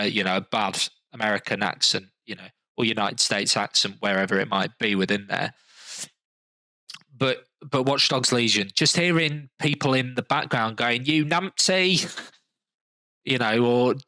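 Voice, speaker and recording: A man's voice: medium pitch, pushed and bright, no echo, low-quality recording. A man from London with a London accent, hosting a podcast in casual chat, rambling with restarts and fillers. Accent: London English. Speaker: podcast host.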